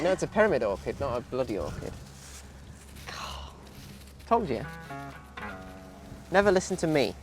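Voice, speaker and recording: Jokey English man, animated pitch. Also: normal speed, long pauses, faint music behind. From England. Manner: jokey, dry banter. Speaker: travel vlogger. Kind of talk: casual chat on a walk. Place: outdoors on a countryside walk.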